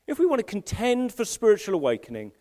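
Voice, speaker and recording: A middle-aged pastor preaches a live sermon in an animated, storytelling way. His voice sits high for a man and leaps around in pitch. He restarts phrases often and jokes at his own expense. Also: fast. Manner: animated storytelling, self-deprecating humor, frequent restarts. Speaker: senior pastor. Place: church service in a school hall.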